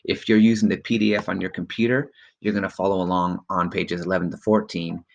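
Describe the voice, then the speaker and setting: Male teacher, low voice, encouraging recorded lesson, filler-heavy. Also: flat delivery, fast talker, vocal fry, dull audio. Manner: encouraging, many ums and okays. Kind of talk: recorded remote class lesson.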